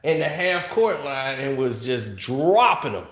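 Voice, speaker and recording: A man casually telling stories to camera, animated, laughing often and acting out other people's lines. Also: medium pitch, a little slow. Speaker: host. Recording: roomy echo.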